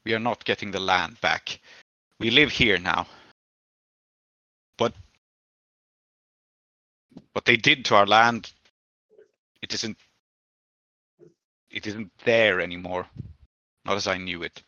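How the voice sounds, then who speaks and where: A man's voice: mid-range voice, animated, measured pace, bright, forceful tone, no echo, heavily acted. A man voicing a stern, proud middle-aged mother who talks in a clipped, disapproving way. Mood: steely. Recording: dull dry lo-fi recording.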